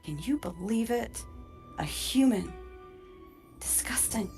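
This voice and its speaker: A woman voicing a fussy female pond frog who gossips in a squeaky, disgusted voice for a tabletop game. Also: lively intonation, slow pace, vocal fry, darkish tone, full character voice. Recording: faint music behind.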